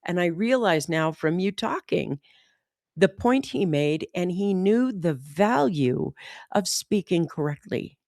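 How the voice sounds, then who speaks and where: An American woman talking casually as a host, animated and often saying "like". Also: fairly low pitch, slow, no echo, studio quality. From United States. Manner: animated, says "like" often, mimics accents. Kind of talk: casual conversation.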